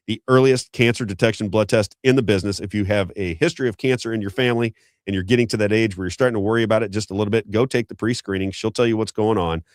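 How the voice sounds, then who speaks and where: A man hosting a talk show, reading sponsor plugs and chatting in a quick, folksy way. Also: on the low side, dry recording, studio quality. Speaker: show host. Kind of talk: unscripted talk-show ad reads and banter.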